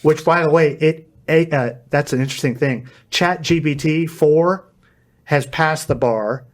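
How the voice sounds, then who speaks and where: A man as a podcast guest giving energetic, plain explanations and acting out bits of dialogue. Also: a little high, unhurried. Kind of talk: podcast interview.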